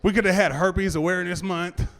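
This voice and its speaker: A man's voice: sits high, steady tone, a little fast, a bit bright, slight background noise. A man performing a stand-up set on a club stage, talking loosely with stammered restarts and asides to the crowd. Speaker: stand-up comedian. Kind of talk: stand-up set before a live audience.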